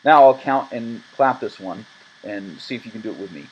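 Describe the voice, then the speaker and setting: A male music teacher explaining meter in a screen-recorded lesson, counting rhythms aloud with emphasis in a relaxed, reassuring way. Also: medium pitch, normal speed, muffled recording. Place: room at a laptop. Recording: laptop fan noise behind.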